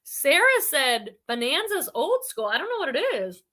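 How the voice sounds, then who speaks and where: Bubbly high-voiced woman hosting a livestream. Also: sing-song, moderate pace, bright, forceful tone. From Boston area, New England. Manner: chatty and bubbly, laughs often. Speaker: host of a reselling livestream. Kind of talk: casual live-stream chat reading viewer comments.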